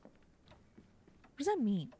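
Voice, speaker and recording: A woman's voice: fairly high pitch, very animated, drawn-out words, dark tone. Woman streamer, casual gameplay commentary, playful, self-talk, faint background noise. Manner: playful, talks to herself.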